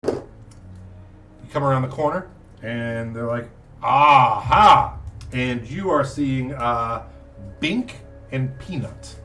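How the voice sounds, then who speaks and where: A man running a tabletop game as game master, narrating with many pauses and fillers. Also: medium pitch, recorded from a distance, soft background music. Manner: halting, full of uh and um.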